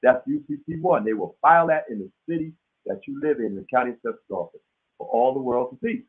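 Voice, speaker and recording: A man's voice: mid-range voice, very animated, fast talker, breathy edge. A man hosting a live business webinar in a casual, folksy, emphatic way, often checking in with his listeners, his throat dry. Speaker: webinar host teaching business credit. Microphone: webinar call audio. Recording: tinny phone-like webinar audio.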